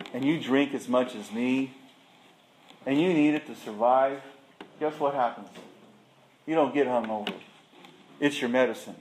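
A man's voice: medium pitch, a little hiss or hum. A middle-aged man sharing his recovery story in an emphatic storytelling way, asking the audience rhetorical questions. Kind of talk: personal recovery testimony. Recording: echoey room.

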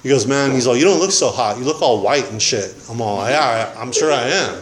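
A man's voice: medium pitch, expressive, a little fast, crowd noise. A man telling his recovery story at a meeting in a casual, rambling, slangy way, often saying man and dude. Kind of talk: casual personal testimony.

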